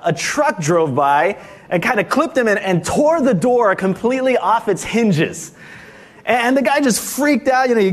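A male pastor with a notably high-pitched voice, preaching with emphasis during a church service. He speaks in short, punchy lines and keeps checking in with the congregation for an amen. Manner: emphatic, repeatedly asks "Amen?". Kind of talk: sermon.

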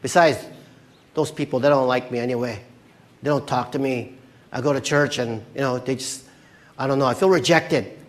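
A man's voice: mid-range voice, normal speed, lightly acted. A man voicing a grown son who whines and pleads with his mother so he can stay in bed and skip church. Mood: whining. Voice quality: whining, pleading.

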